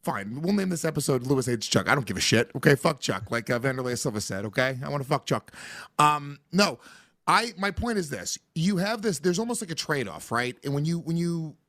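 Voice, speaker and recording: A man's voice: on the high side, big pitch swings, fairly quick, a bit bright, no room sound, studio quality. A man co-hosting a podcast, talking in a brash, jokey, profane way. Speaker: podcast co-host. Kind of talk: casual chat.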